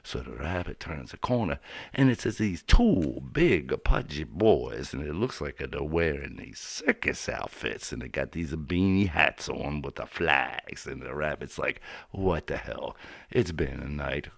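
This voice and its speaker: A man's voice: extremely low pitch, sing-song, measured pace, creaky, a bit bright, no room sound. A man telling a story in a laid-back, slangy, rambling way, recorded in a studio. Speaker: narrator. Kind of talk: casual spoken storytelling over music.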